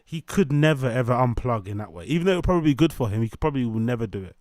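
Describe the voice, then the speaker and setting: A man delivers an opinionated commentary rant. He stacks points into quick lists at a mid-range pitch. The sound is close and dry, with no room echo. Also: lively intonation, a little mellow. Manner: opinionated, rapid listing, sarcastic. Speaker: commentary channel host. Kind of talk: ranting commentary on a podcast clip.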